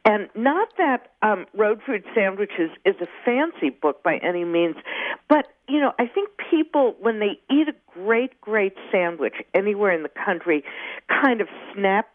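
A middle-aged woman guest author talking on a radio show, animated and talkative. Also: medium pitch, unhurried, no echo. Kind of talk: radio interview over the phone. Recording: tinny phone line.

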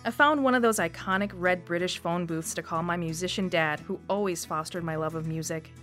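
A woman's voice: fairly low pitch, a little fast, fairly bright tone, faint music behind. A woman in her thirties from Wisconsin, with a Northeast Wisconsin accent, reading her own personal story for radio in an upbeat way. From Wisconsin, USA. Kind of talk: scripted personal narration.

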